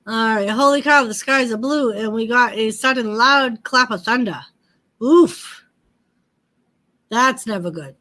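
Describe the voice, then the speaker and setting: Her voice a little high, pushed and bright, a woman hosts an easygoing wrestling livestream at a measured pace, chatting and saying hello to viewers by name.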